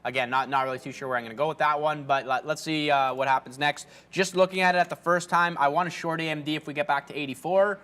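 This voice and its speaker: Higher-voiced man rambling about trades. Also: steady tone, fast talker, few pauses, a bit bright. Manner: rambling, trails off with fillers. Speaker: day trader co-host. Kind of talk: casual live market commentary. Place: trading-floor studio.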